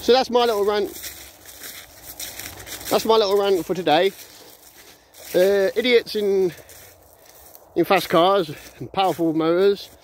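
A man with a slightly high voice gives a blunt, rambling rant, tripping over restarts and chuckling as he goes. He records on a hand-held phone while walking outdoors in the countryside, with a faint hiss of outdoor noise behind him. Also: normal speed, long pauses. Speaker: vlogger. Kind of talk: casual ranting monologue.

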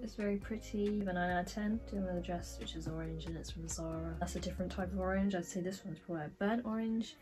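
A woman's voice: lowish voice, quick pace, hardly any pauses, a little mellow, faint music behind, low-quality recording. A young woman chatting casually through a clothing try-on haul vlog, with lots of fillers. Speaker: fashion vlogger.

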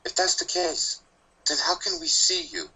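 Timid little schoolgirl fillies who ask their questions hesitantly, put on by a man. The voice is pushed far above his own, thin and bright. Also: on the high side, sing-song, measured pace, slightly rough, pitched above the performer's own voice, heavily acted. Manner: nervous, hesitant.

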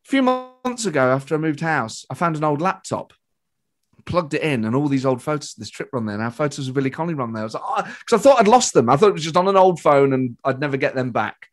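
A British man, a comedian appearing as a guest, tells an anecdote in a relaxed conversation. His voice is fairly high and he talks quickly, acting out the quotes with plenty of swearing.

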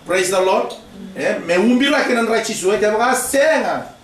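A pastor leading mission training preaches in a church hall, dropping "praise the Lord" and "eh?" throughout. His high voice is brisk and a bit bright, with lively intonation. Picked up by a distant mic, the sound echoes around the hall.

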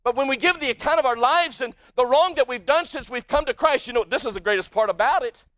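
Preaching in a church sanctuary, an American pastor with a remarkably high voice talks fast through his sermon. His delivery moves from quiet, low asides to abrupt shouted climaxes. The recording is close and dry, with hardly any echo.

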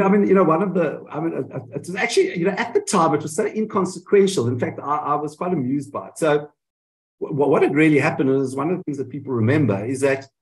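A South African man, a guest on an online interview, telling his story in a halting way with many restarts. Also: medium pitch. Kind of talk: conversational storytelling.

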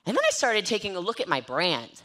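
A woman speaks from an event stage to a live and online audience with bright, forceful energy. Her motivational talk runs quick and joking, full of self-mockery. Her pitch sits in a middle range. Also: huge pitch swings. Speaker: network marketing trainer.

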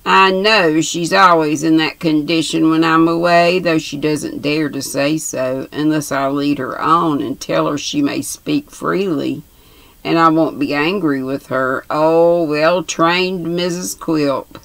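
A woman's voice: sits low, steady tone, measured pace, vocal fry, fairly bright tone, dry recording, full character voice, rough recording. A woman voicing a sneering, spiteful dwarf. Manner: mocking, sneering. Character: sneering cruel dwarf man, sly and spiteful.

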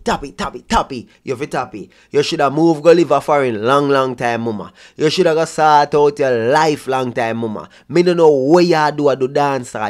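A Jamaican-accented vlogger reacts to clips with casual, exasperated, mocking commentary heavy with patois. His voice is mid-range with a darkish tone.

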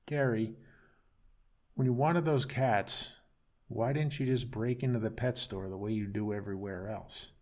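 Brief: a man playing a desperate captive man, pleading and strained, a bit higher and louder. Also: steady tone, a little slow.

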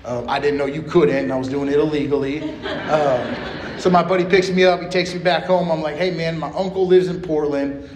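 A man's voice: mid-range voice, a little hiss or hum. A young man speaking at a recovery meeting, telling his story in a casual, streetwise way, full of "man" and "you know.". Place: meeting hall. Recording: echoey meeting room with faint ambience.

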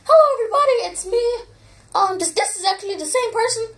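A woman doing a squeaky goofy high voice. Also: animated, fast talker, a bit bright. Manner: rambling, goofy. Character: squeaky silly high-voiced version of herself. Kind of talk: comedic voice impression.

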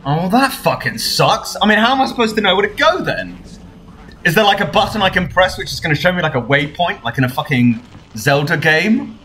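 A young man streaming a horror game live, excitably swearing and yelling at his teammates. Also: high-pitched, fairly quick. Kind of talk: live gameplay commentary.

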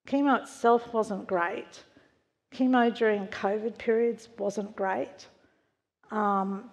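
A woman's voice: medium pitch, darkish tone. A woman, giving a frank, conversational personal testimony to a church congregation, with wry understatement. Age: 60s. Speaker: church member sharing a testimony. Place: church hall before a congregation. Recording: long reverb of a church hall.

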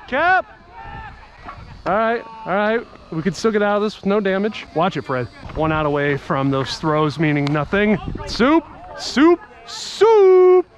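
A man vlogging his softball game outdoors, giving excitable, jokey play-by-play and cheering teammates on by nickname. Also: fairly high pitch.

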